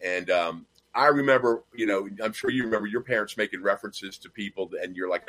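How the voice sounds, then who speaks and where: A man's voice: lowish voice, fairly quick, a bit bright, rough recording. A man in his fifties chatting and telling stories with jokes over a video call. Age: 50s. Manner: storytelling, joking. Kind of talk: casual chat.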